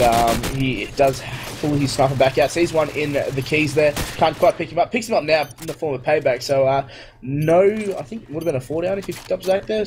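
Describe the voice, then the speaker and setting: A man doing live play-by-play commentary on a competitive shooter match, brisk and light-hearted, amused by blunders. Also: medium pitch, noisy background. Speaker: esports shoutcaster.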